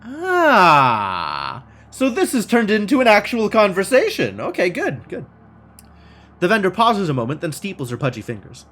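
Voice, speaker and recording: Lively wry man streaming a game. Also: high-pitched, normal speed. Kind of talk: reading a game aloud and thinking out loud.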